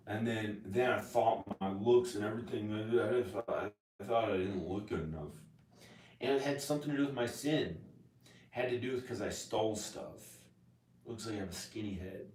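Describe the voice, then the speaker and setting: A man rambling to camera in a casual monologue, jumping between topics with sudden loud laughing outbursts. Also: lowish voice, recorded from a distance. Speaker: vlogger. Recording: echoey room, voice off mic.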